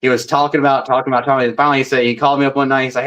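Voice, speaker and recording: A man being interviewed as a paranormal investigator, telling stories in a rambling, animated way and acting out the dialogue. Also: medium pitch, racing, hardly any pauses, low-quality recording. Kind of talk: casual storytelling.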